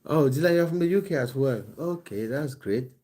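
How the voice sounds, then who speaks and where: A man with a gentle, mellow voice on the high side reads viewer comments during a casual live stream from his home in England, using his phone. He coaches football and streams; his intonation is lively and his speed normal, though he hesitates, restarts often, and fills gaps with ums.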